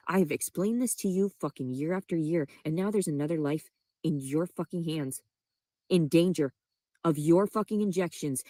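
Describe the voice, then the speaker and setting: A woman's voice: low-pitched, a little fast, warm tone, dry recording. A woman in a played clip, ranting in fury with constant profanity and demands. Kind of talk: angry profane rant.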